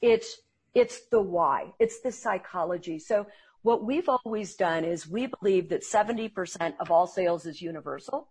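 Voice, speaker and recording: A woman who trains salespeople, speaking as an interview guest and telling earnest, animated stories. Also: on the low side, moderate pace, slightly rough.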